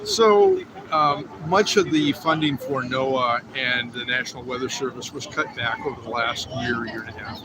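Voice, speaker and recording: A man explaining something to a passerby outdoors, talking haltingly with lots of fillers. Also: medium pitch, steady tone. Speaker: protester explaining his sign. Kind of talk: casual street conversation. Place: outdoors on a city street. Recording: loud street and traffic noise.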